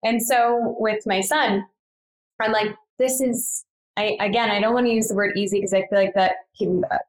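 A woman's voice: normal speed, low-quality recording. Chatty woman telling a story animatedly. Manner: animated, acts out quoted lines with higher pitch, frequent fillers. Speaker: guest telling her birth story. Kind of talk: casual conversational storytelling.

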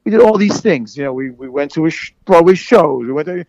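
A man's voice: on the high side, expressive, brisk, creaky, a little mellow, no echo, muffled recording. A man speaking candidly about his sobriety, rambling with many restarts and fillers. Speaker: guest in recovery. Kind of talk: candid conversation.

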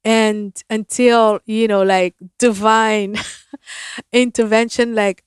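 A woman guest, a shaman and physician, speaking in a measured, affirming way. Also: a little high, little pitch movement, clear, resonant tone, no echo, studio quality. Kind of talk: spiritual conversation.

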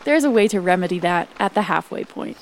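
A woman's voice: fairly low pitch, lively intonation, a little fast, poor audio. Woman, upbeat documentary narration, faint background hiss.

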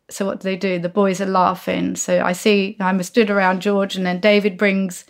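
A woman in her sixties, a podcast guest telling lively anecdotes and acting out the voices of people in her stories. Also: mid-range voice, normal speed, vocal fry, few pauses. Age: 60s. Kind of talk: anecdotal storytelling.

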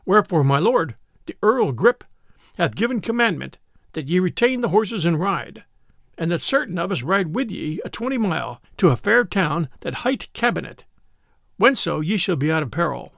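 A man's voice: high-pitched, very animated, moderate pace, gravelly, a bit bright, no echo, clean studio sound, heavily acted. A man doing a courtly, languid attendant. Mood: formal. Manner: courteous, formal. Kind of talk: audiobook character voice.

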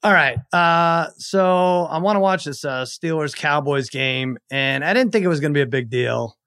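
A man in his forties telling a story in casual chat on a podcast, acting out his family's shouts. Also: on the high side, normal speed, clean tone. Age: 40s. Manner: animated storyteller who acts out family members' shouts. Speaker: podcast guest.

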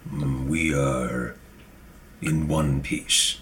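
A man voicing a solemn gravekeeper with a slow, grave delivery. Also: a bass voice, steady tone, fairly bright tone, voice pushed down, exaggerated voice.

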